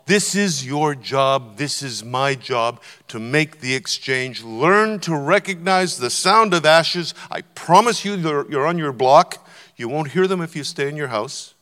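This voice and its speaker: A man's voice: a little high, animated, unhurried, bright, forceful tone. An older man preaching a sermon to a congregation, conversational and emphatic, urging them on. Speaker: guest preacher. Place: church auditorium. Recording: long church hall reverb.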